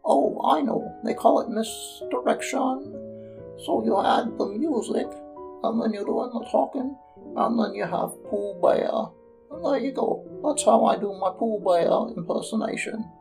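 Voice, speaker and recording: A man doing an impression of a gentle, slow cartoon bear, half-whispering as if his mouth were full and stretching out the ends of his phrases. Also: high voice, gravelly, over music, pitched above the performer's own voice, poor audio. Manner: slow drawn-out phrase endings with stutters.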